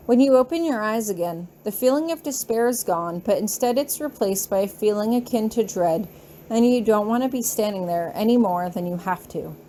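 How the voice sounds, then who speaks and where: Mellow woman narrating fan fiction. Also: medium pitch, expressive, moderate pace, a little hiss or hum. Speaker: audiobook reader.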